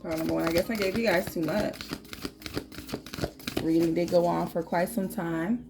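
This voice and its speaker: A woman's voice: lowish voice, steady tone, moderate pace, creaky, background noise. A woman giving a casual tarot reading to her viewers, chatty and emphatic, laughing often. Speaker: tarot reader.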